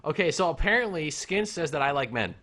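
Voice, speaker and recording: A man's voice: on the high side, very animated, brisk, a crowd in the background. A man co-hosting a comedic webcam stream, reading viewer messages aloud and giggling along. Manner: giggly, reads chat messages aloud, directs his co-host. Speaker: co-host reading viewer chat. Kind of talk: casual comedic stream chat.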